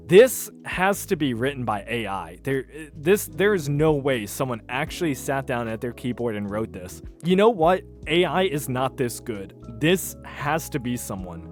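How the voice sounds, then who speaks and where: A young man hosting reaction commentary, sarcastic and incredulous, with laughing asides as he reads posts aloud. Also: a little high. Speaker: commentary host.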